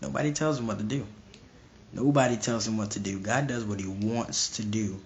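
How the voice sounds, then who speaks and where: A man's voice: fairly low pitch, fairly even intonation, normal speed, darkish tone, a little hiss or hum. A young man preaching informally to a live stream, emphatic and repetitive, often restarting his phrases.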